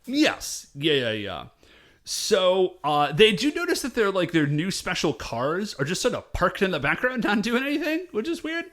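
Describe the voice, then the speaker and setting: A man co-hosting a podcast, chatting loosely through an episode recap. His voice sits a little high and swings widely in pitch. He rambles and drops quoted asides as he goes. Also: wildly swooping pitch, normal speed, a bit bright. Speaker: podcast co-host. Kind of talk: casual episode recap chat.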